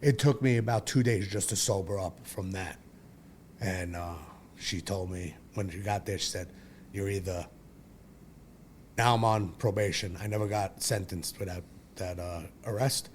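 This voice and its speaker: Low-voiced blunt New man. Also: moderate pace, slight background noise. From Brooklyn, New York. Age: 40s. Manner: blunt and profane, rambling with restarts. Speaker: podcast guest. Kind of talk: candid personal storytelling.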